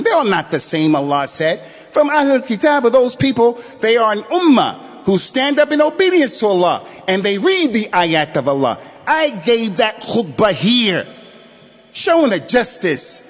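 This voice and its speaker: Guy preaching friday sermon, high voice, animated storytelling, shouts sometimes, long echo in the mosque hall. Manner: animated storytelling, shouted exhortations, quick Quran recitation. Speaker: imam giving Friday sermon.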